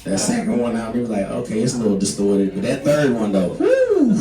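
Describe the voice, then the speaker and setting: A man's voice: on the low side, quick pace. A man doing a stand-up set, rambling loosely with lots of fillers. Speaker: stand-up comedian. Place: small comedy club. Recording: echoey club, mic from far off, loud crowd. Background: audience laughter.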